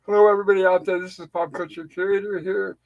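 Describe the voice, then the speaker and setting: A high-pitched man hosting a casual live stream, his voice sounding a little weak. He talks in an easygoing, jokey way with his co-hosts. The sound is dry and close. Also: flat delivery, fast talker, vocal fry, dry recording, narrow, tinny audio. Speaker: livestream host. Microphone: remote call on a streaming panel.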